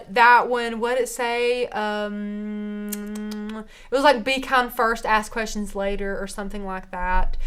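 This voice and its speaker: A woman's voice: on the high side, clear, resonant tone. Chatty Southern woman hosting a craft stream. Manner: chatty, upbeat, laughs often. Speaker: craft livestream host. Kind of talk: casual crafting demo livestream.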